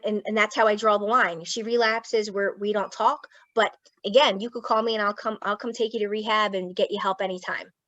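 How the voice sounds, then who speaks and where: A woman's voice: mid-range voice, a bit bright, no echo. A woman psychologist from Philadelphia talks as a guest over a video call. She is candid and blunt, and she curses without a second thought. The sound is muffled and dry, with no room around it. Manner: blunt, swears freely, speaks frankly. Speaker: guest speaker, clinical psychologist. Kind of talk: candid personal storytelling to an audience.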